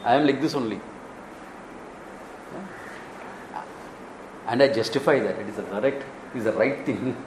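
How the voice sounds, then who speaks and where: A man from Kerala with an Indian accent, giving a Vedanta discourse as a spiritual teacher, animated and quick to act out little dialogues with chuckles. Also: mid-range voice, echoey room, noisy background. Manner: animated storytelling, acts out dialogues, chuckles often.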